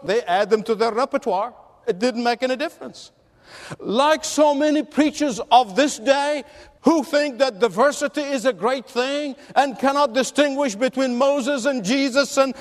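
Preacher, male, very high pitched voice, emphatic storyteller, long hall echo. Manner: emphatic storytelling with rhetorical questions. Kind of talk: sermon.

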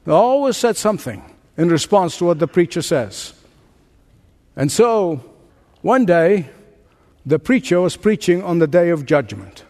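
A man's voice: high voice, animated, unhurried, long pauses, a little mellow. Male pastor, earnest sermon delivery, church hall echo. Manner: earnest preaching with a joke story.

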